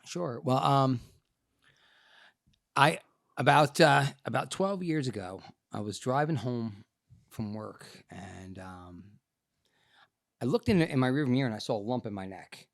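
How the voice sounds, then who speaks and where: Gravelly middle-aged New man telling a story. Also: medium pitch, measured pace, pauses often, no echo, clean studio sound. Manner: animated storytelling, swearing, acting out quotes. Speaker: podcast guest, actor. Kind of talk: storytelling interview.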